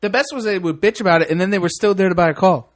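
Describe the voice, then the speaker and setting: A man's voice: sits high, very fast. A man co-hosting a casual podcast chat, teasing the others and telling a story. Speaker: podcast co-host.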